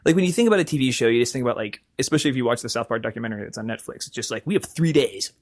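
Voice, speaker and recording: A man co-hosting a podcast in casual discussion, animated and often laughing, swearing freely as he talks. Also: mid-range voice, rapid-fire. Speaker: podcast co-host and game developer.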